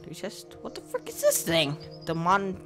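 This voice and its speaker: A casual let's-play gamer talking through a horror game from a home setup into a desk mic. The pitch swings all over as he chats to viewers and yelps at scares. Faint game music plays behind him. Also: huge pitch swings, normal speed. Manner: chatty, jumpy reactions to scares; talks to the viewers and to himself while playing. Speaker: gaming video host. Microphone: desk microphone.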